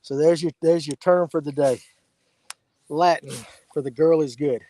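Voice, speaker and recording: A man's voice: fairly high pitch, fairly even intonation, moderate pace, warm tone. A man, trading bawdy jokes in casual banter as a fishing show host. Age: 50s. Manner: joking, bawdy, drawling.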